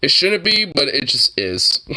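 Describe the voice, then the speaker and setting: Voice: mid-range voice, big pitch swings, slow pace, sharp tone, a little hiss or hum. A streamer in a casual reaction stream, laughing often, swearing freely and echoing the clip's words back.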